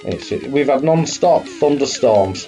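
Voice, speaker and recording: A man's voice: medium pitch, lively intonation, a little slow, warm tone. Guy hosting a game stream, easygoing chatter, swears a bit, faint music in the back. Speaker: streamer host. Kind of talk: casual live-stream chat.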